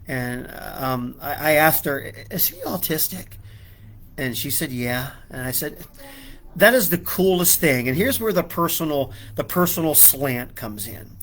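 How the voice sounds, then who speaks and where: A man's voice: mid-range voice, animated, a little slow, fairly bright tone. A middle-aged man giving a devotional talk, telling a personal story with many stammered restarts and frequent "okay?" checks. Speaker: preacher.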